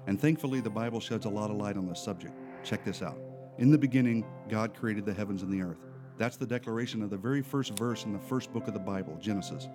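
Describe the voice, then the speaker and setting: A man giving scripted narration in a steady, explanatory way. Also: medium pitch. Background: music.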